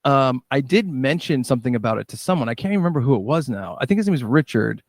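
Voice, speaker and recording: A man, a musician and director, telling lively stories in a casual interview and acting out what people said. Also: medium pitch, fast talker, no room sound, studio quality. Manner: animated storyteller, acts out quoted dialogue.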